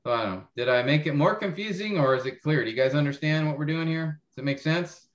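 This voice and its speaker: A man's voice: a little high, fast talker, roomy sound. A man teaching a Bible class over a video call, explaining step by step and often checking that students follow. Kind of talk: online class lecture.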